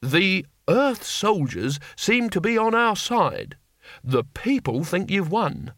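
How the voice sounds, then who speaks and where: A man's voice: high-pitched, very animated, slow, fairly bright tone, no echo, voice pushed up, full character voice. A man voicing a fussy, educated man who speaks in a precise, nervous way. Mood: careful. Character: fussy educated man, anxious former teacher.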